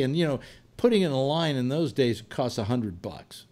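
A man's voice: mid-range voice, animated, moderate pace, darkish tone. A man in his seventies hosting a casual panel chat, telling long rambling stories from his past. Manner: rambling anecdotal storyteller. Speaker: radio show host.

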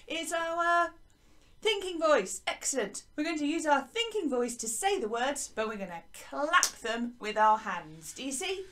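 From a small garden hut classroom, an English woman with a high voice teaches a lively online music lesson to young children. Her teacher talk is bright, encouraging and sing-song, picked up by a desk microphone beside her laptop.

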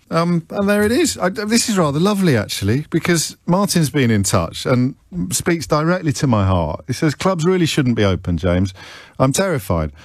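A man's voice: medium pitch, no room sound, studio quality. A middle-aged man with a British accent hosting a radio phone-in, talking conversationally and wryly about himself. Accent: British English. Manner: conversational, self-deprecating, wry. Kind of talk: talk radio monologue. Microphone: studio microphone.

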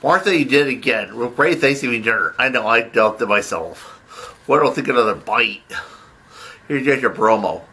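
A man voicing a grumbling middle-aged dad in a puppet comedy skit, talking in a gruff, complaining way. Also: medium pitch, animated, normal speed, sharp tone, voice pushed down, full character voice.

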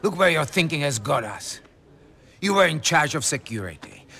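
An actor playing a volatile, paranoid middle-aged crime boss who barks threats and orders. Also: male voice, fairly high pitch, sing-song, normal speed, creaky, bright, forceful tone, breathy edge, full character voice. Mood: menacing. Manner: menacing, erratic, barking orders.

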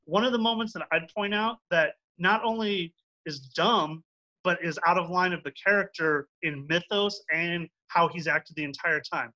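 A man ranting and swearing in a casual debate, mocking his opponent's side with quick put-on quotes. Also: sits high, bright, forceful tone, poor audio. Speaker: debater defending a film.

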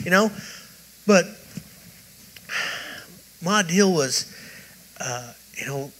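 A man with a high, expressive, somewhat bright voice preaches slowly and pauses often, though the audio is poor. At a church service he rambles through a conversational sermon, telling his own testimony and frequently restarting.

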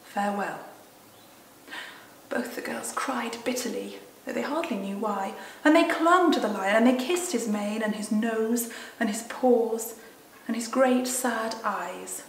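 A woman, a children's Sunday school leader, gently and expressively reading a storybook aloud. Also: fairly high pitch, unhurried, vocal fry, reverberant, slight background noise, low-quality recording.

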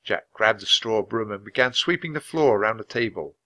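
A man reading a children's chapter book aloud at a natural, clear pace. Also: on the low side, lively intonation, brisk, pushed and bright. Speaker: storybook reader.

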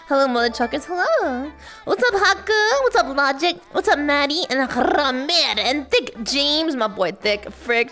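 High, bouncy woman livestreamer. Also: lively intonation, a little slow, faint music behind. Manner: hyper, playful, bursts into shouts and laughter. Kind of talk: casual livestream chat greeting viewers.

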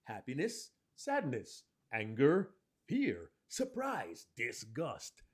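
A man's voice: medium pitch, slow pace, slightly rough. A man co-hosting a live podcast on public speaking, explaining techniques and acting out examples. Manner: animated, acts out examples. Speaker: podcast co-host, speaking coach.

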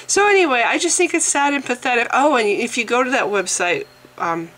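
A woman's voice: on the high side, animated, a little fast, a bit bright. A woman vlogger who is sick, ranting casually in an exasperated, mocking way and laughing now and then. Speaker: atheist vlogger. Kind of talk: casual vlog rant.

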